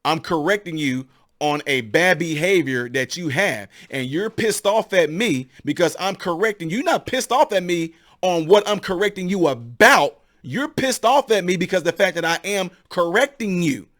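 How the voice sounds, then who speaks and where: A man's voice: sits high, animated, normal speed, a bit bright. A middle-aged man giving opinionated political commentary, emphatic and preachy, with lots of rhetorical questions.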